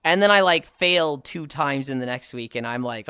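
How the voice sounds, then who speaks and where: A woman streamer chatting casually while she plays, animated and swearing freely, laughing often. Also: a bass voice, moderate pace, clear, resonant tone, dry recording, clean studio sound. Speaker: live streamer. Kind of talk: casual chat while gaming.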